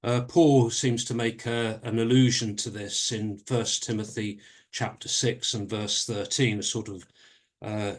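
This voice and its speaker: A man leading a church Bible study, explaining a passage in a measured way with frequent pauses and restarts. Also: fairly low pitch, fairly even intonation.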